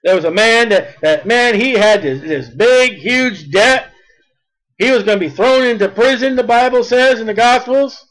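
A man preaching a fiery sermon, emphatic and repetitive, rising to shouts at his peaks. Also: extremely high pitch, moderate pace, low-quality recording.

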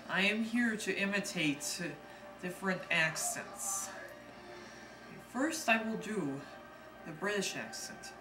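A woman vlogger in a casual home video, halting and announcing each bit with fillers. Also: deep voice, over music. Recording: echoey room from far off with noise.

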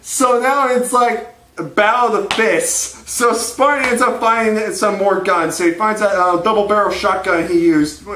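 A man telling a rambling, crude comic story, laughing often and slipping into quick character voices. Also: sits high, fairly even intonation, recorded from a distance, noisy background. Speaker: host. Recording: echoey room.

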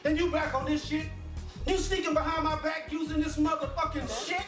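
An actor playing a recovered addict who now counsels others, warm and chatty at times, explosive and profane at others, heard in a roomy film mix over a music score. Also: male voice, mid-range voice, a little fast, recorded from a distance, close to an everyday voice. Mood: furious, shouting. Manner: steady and warm-hearted, fills talk with "you know"; explosive profane yelling when angry. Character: recovered addict husband, counselor running a group home. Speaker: counselor and husband. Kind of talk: film acting.

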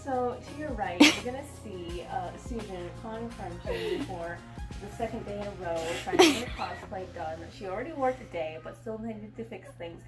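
A woman's voice: mid-range voice, sing-song, moderate pace. A young woman cosplayer chatting playfully with friends, joking like a tour guide. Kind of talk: casual chat, joking tour-guide bit. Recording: music playing behind.

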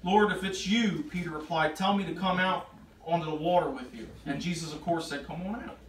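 Here a man with a fairly high pitch and fairly quick delivery preaches at an informal Bible study, reading scripture aloud and growing emphatic in his explanation. Faint noise and the echo of the room surround his distant voice.

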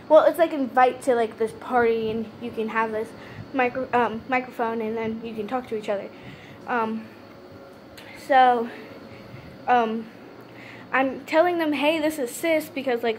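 High-voiced young woman, stuttering chat. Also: a little hiss or hum. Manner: stutters, many fillers and restarts. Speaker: vlogger. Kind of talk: casual storytelling chat.

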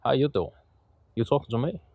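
A man's voice: mid-range voice, lively intonation, brisk, gravelly, dark tone, dry recording. A man doing an impression of a confrontational male movie gangster, in a playful, mock-menacing way.

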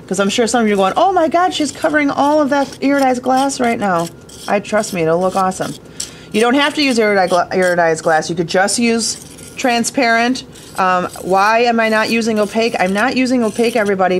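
In a casual hands-on glass fusing tutorial, a woman talks directly to her viewers from a studio workshop, chatty and enthusiastic. Her voice is medium-pitched, with a little hiss or hum in the background.

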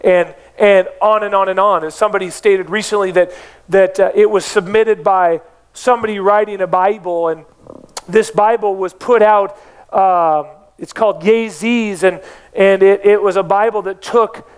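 High-voiced preaching man. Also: fairly even intonation, normal speed, clean tone. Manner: emphatic preaching with repeated rhetorical questions to the congregation. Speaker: pastor. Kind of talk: sermon. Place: church.

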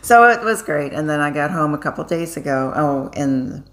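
A woman's voice: sits low, animated, normal speed. An older woman from Iowa co-hosting a casual chat, rambling through family stories with many fillers. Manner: chatty, rambling, warm storytelling with many fillers. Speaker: co-host.

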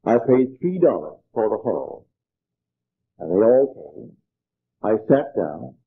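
An older man giving an earnest spiritual lecture, telling stories in a measured way, on an old archival tape. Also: lowish voice, very animated, slightly rough, phone-quality sound.

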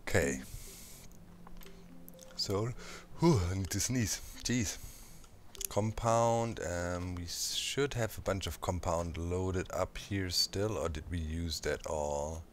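A man hosting a gameplay channel, chatting casually and thinking out loud as he plays, throwing in little sound effects. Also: low-pitched, slow, slight background noise. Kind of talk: casual let's-play commentary.

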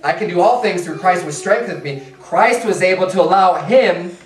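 A man's voice: sits high, normal speed. A man preaching a conversational sermon, casual and full of rhetorical asides. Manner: casual, repeats rhetorical "right?" and "hey". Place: church sanctuary. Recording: echoey church from a distance.

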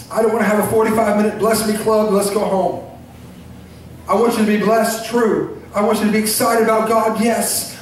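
A pastor preaching with a very high-pitched voice, earnest and emotional, his words carrying with heavy echo through a church sanctuary. He sounds distant from the microphone, as though recorded from the back of the room. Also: steady tone, fairly quick, slight background noise. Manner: earnest and emotional, with bursts of shouting and laughter. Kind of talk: sermon. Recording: echoey church recorded from far off.

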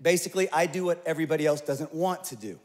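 A man's voice: fairly high pitch, fast. A man in his forties, a pastor telling a story in a sermon, acting out the voices of the people in it. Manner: animated storyteller, acts out voices.

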